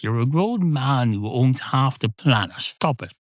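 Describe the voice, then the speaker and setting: Male comic host, rambling deadpan monologue, mid-pitched voice, dry close mic. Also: unhurried, dry recording, dull audio. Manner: rambling, deadpan, self-correcting. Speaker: comedy podcast host. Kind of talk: stream-of-consciousness comic monologue.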